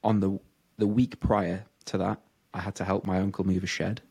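A man's voice: deep voice, flat delivery, moderate pace, gravelly, darkish tone, breathy edge. A young man co-hosting a casual podcast chat, telling stories with lots of fillers and laughs. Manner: chatty storytelling, frequent "like" fillers and laughs. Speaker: podcast co-host, powerlifter.

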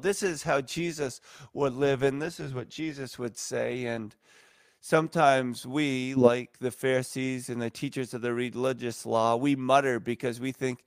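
A man's voice: medium pitch, steady tone, a little slow, no room sound, studio quality. A man preaching a sermon as a pastor, earnest and emphatic, stacking repeated phrases.

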